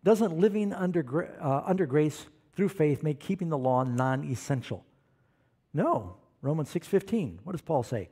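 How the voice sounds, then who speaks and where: A man preaching a sermon, animated and questioning the congregation, calling for amens. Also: on the high side, normal speed, breathy edge. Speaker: pastor.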